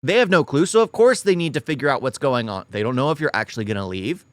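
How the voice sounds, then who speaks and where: A man's voice: mid-range voice, expressive, fast, dry recording. A man hosting a reaction video and commenting on a clip in a sarcastic, exasperated way. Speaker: reaction channel host.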